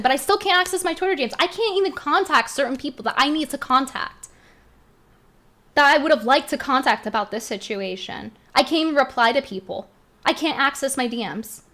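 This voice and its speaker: A young woman streamer speaks in a high, bright voice, worked up and indignant. She fires off rhetorical questions and circles back to the same points again and again, her delivery clearly heated. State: upset, heated. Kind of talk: heated commentary rant.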